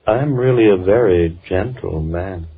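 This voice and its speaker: An actor playing a soft-spoken, coldly polite madman in a 1950s radio drama. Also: sits low, a little slow. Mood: softly menacing. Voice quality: calm, gentle, coldly polite. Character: soft-spoken menacing madman, middle-aged. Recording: tinny old radio broadcast with faint hiss.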